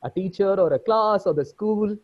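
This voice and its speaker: A man's voice: sits high, moderate pace, a little mellow. Man reading out chat replies. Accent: Indian English. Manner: reads out chat comments one by one. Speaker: workshop presenter. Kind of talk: online workshop facilitation. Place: video call from home. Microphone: computer mic on a video call. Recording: dull lo-fi video call audio.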